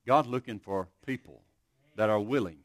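A man's voice: lowish voice, normal speed, no echo. Earnest male preacher, dry sound. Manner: earnest, storytelling with many restarts. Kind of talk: sermon.

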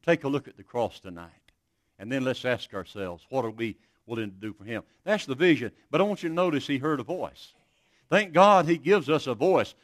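A man's voice: medium pitch, lively intonation, brisk, no echo, studio quality. A man preaching a sermon, telling stories in an earnest voice and often restarting his words. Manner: earnest, storytelling with many restarts.

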